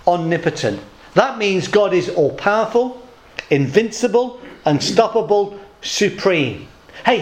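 A man's voice: on the high side, reverberant. A man preaching a sermon at a church service, telling jokes and speaking in short, paced phrases. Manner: jokey storytelling, pausing in short phrases.

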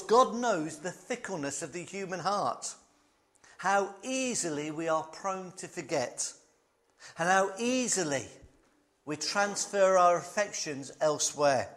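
A man preaching a sermon, emphatic and conversational, fond of repetition and light asides. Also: fairly high pitch.

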